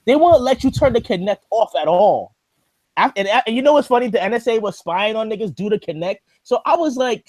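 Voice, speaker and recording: A man's voice: high-pitched, lively intonation, brisk, darkish tone, dry recording, studio quality. A man hosting a podcast in casual chat, ranting animatedly and swearing freely, describing himself as skeptical and paranoid. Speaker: podcast host.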